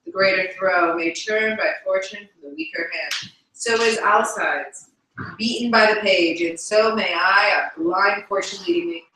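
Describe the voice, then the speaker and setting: Brief: woman reading a grand, boastful prince, bright tone, echoey distant room. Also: medium pitch, a little slow. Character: boastful noble male prince suitor. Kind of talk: live read-aloud of a play.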